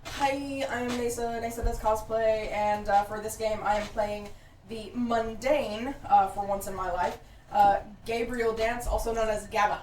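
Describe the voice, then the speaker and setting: A woman playing in a tabletop game stream, chatty and quick to laugh. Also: on the high side, fairly even intonation, darkish tone, a little hiss or hum. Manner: giggly, chatty. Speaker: player. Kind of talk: casual tabletop stream chat. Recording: echoey room, mic far off.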